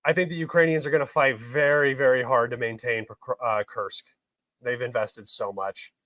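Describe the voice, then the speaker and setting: A man's voice: mid-range voice, steady tone, normal speed, fairly bright tone, no room sound, rough recording. A young man hosting a live stream, reading chat questions and answering them in a blunt, argumentative way, sometimes swearing. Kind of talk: heated live-stream commentary.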